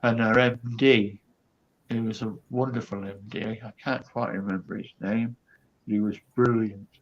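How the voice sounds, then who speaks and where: A man's voice: fairly low pitch, steady tone, moderate pace, muffled recording. A man, a guest comedian, telling a rambling backstage anecdote full of quoted asides and fillers.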